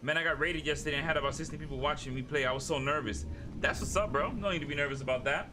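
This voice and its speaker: A man's voice: on the high side, rapid-fire, noisy background. A young man streaming a game live, chatting casually and profanely with his viewers and a teammate. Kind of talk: live gaming stream chat.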